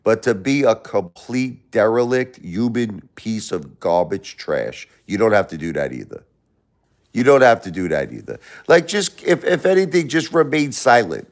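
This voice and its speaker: A man hosting a live stream, angrily lecturing and insulting a chat commenter with lots of profanity, swinging between loud outbursts and low muttering. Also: sing-song, normal speed. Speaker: livestream host reading chat. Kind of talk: livestream rant at a chat commenter.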